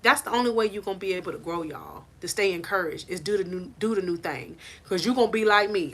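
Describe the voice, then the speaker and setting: On a live stream, a woman life coach delivers a motivational talk about faith, preachy and animated and often climbing close to a shout. Her voice is mid-range, and she talks fast with hardly any pauses.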